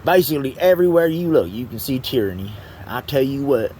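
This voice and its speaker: Brief: man in a one-person rant, mid-pitched voice, heavy swearing, halting delivery, faint noise behind. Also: animated, warm tone. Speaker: vlogger. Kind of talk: angry profane rant.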